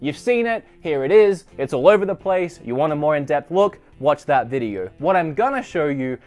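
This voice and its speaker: Chatty Australian man, slightly high voice. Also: animated, normal speed, a little mellow, dry recording, soft background music. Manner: rambling, chatty, self-correcting. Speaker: gaming channel host. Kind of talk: casual room-tour chat. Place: his game room, indoors. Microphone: handheld camera.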